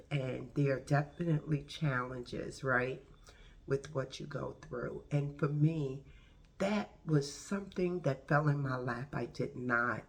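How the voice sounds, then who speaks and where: A woman's voice: extremely low pitch, vocal fry. A woman telling a story casually to her video camera at home, chatty and rambling with frequent asides. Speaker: vlogger.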